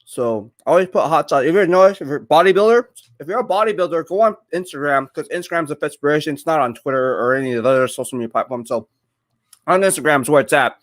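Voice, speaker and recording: A man's voice: on the high side, animated, fast. A young man chatting casually on a live stream while eating, rambling and reading viewer comments aloud.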